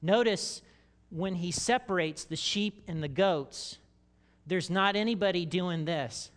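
A male pastor preaching a sermon, expressive, slowing down to stress key words. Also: sits high. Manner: expressive, slows down for emphasis and acts out quoted voices.

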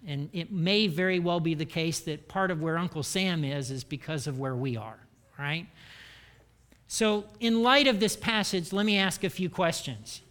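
A man delivers a sermon, joking and acting out the voices of the people in his examples. His voice sits high for a man and has a bright, forceful edge. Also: moderate pace. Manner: animated, jokey, acts out quoted voices. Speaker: pastor.

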